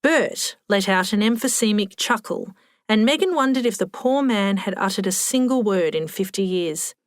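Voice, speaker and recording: A woman narrating an audiobook with a wry, expressive reading, close to the mic. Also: medium pitch, moderate pace, no echo. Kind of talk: scripted narration.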